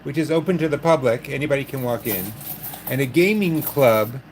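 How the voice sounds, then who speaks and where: A man with a mid-range voice hosts a livestream from a gaming club, talking briskly over slight background noise. He chats casually and trades wry jokes with his viewers.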